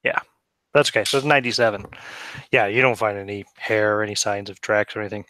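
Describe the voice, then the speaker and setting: A man's voice: fairly low pitch, steady tone, fast talker, bright, forceful tone, dry recording. Male game master, easygoing rule explainer, dry mic. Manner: casual, explaining rules with fillers. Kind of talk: running a tabletop horror game.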